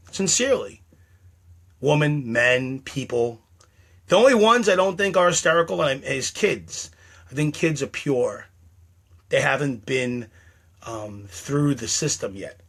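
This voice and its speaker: A man's voice: medium pitch, a bit bright. A middle-aged man talking alone on a live stream, rambling and defensive, repeating himself and insisting he is not mad. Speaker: livestreamer.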